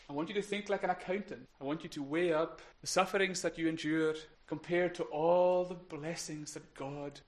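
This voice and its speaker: A man preaching a sermon in a church, earnest and pleading, moving between soft, quiet appeals and emphatic, rising passages. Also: a little high. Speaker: pastor.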